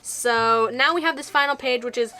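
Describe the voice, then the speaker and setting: A young woman telling a storytime vlog at home and reading her old letters aloud in a chatty, lively way. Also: high voice, normal speed, slight background noise. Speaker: vlogger.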